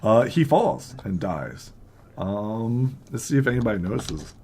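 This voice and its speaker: A man running a tabletop game as game master, animated and laughing, acting out the characters' lines. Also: mid-range voice, a little slow, gravelly, slightly rough.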